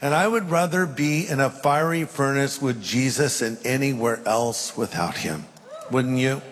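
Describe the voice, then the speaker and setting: A man's voice: medium pitch, a little slow, a bit bright, a little hiss or hum. A middle-aged male pastor preaching a sermon, reading scripture aloud and acting out the voices in it. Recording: long hall reverb.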